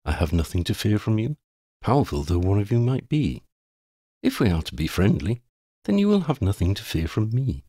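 A man reading a calm, deep-voiced, unhurried ferryman in an audiobook story. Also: dry recording, clean studio sound. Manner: calm, unhurried, gently amused. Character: tall thin mild-voiced ferryman, deep and musical.

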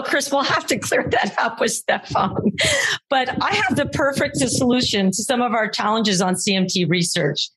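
A woman's voice: on the high side, a bit bright, breathy edge. A woman co-hosting a podcast, answering with wry, teasing remarks in casual banter. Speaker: podcast co-host.

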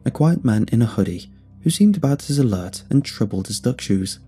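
A man telling a first-person horror story in measured scripted narration. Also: medium pitch, expressive, dark tone. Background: faint music.

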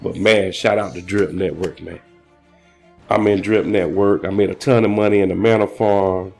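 A man with a fairly low voice rambles through a casual vlog, excitable and slangy, handing out shout-outs. He sounds a little out of breath. Faint music plays underneath. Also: moderate pace, vocal fry. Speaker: crypto vlogger.

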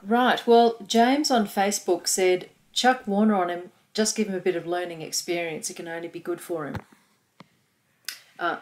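A woman's voice: lowish voice, fairly even intonation, normal speed, a little mellow. An Australian woman co-hosting a casual podcast, enthusiastic and agreeable as she reads listener comments. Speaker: podcast co-host.

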